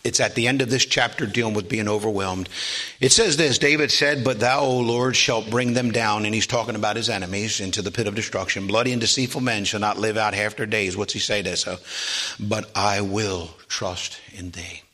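A man preaching a sermon to a congregation, asking for amens and building from steady talk to loud, high, drawn-out preaching.

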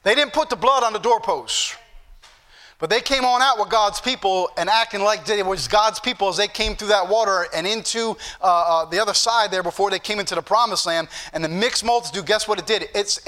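A man's voice: sits high, brisk, pushed and bright. A man preaching a fervent sermon, repeating phrases and calling out to the brethren. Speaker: pastor.

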